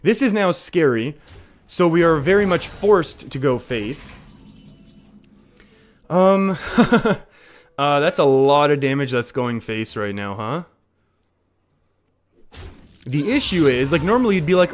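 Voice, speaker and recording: A man's voice: a little high, very animated, slow pace, pauses often, a little hiss or hum. A man live-streaming a card game, talking through his plays in a chatty way and often laughing.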